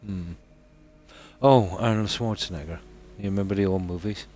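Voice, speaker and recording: A man's voice: deep voice, moderate pace, dark tone, soft background music. A man giving casual commentary while playing a game, musing aloud and trailing off with ums. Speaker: game streamer.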